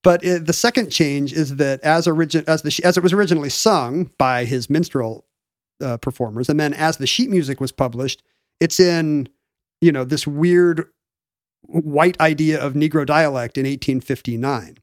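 Man, casual chat, slightly high pitch, chatty explainer, filler words, dry close sound. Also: moderate pace, dry recording. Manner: explains history in a chatty, animated way with many fillers.

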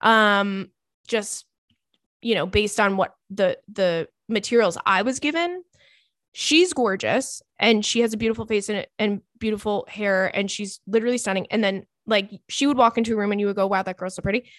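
Playful, slangy woman podcast host reading listener mail, middle pitch, dry close mic. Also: moderate pace, no echo. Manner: animated, playful, chatty slang. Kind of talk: reading and reacting to listener email.

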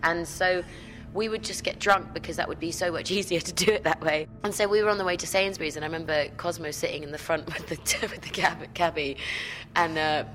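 A young woman, an actor, chatting in an interview and telling animated stories with frequent laughter. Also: low voice. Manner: animated storytelling, laughing often. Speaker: actor guest. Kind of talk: interview chat.

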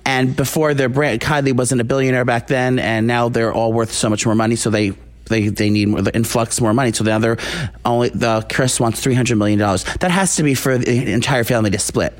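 A man talking through celebrity news in a loose, rambling way, often restarting his sentences. His voice sits at an ordinary middle pitch for a man, and he keeps the chat casual and conversational. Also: steady tone, a little fast. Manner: rambling, chatty, frequent restarts. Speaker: co-host.

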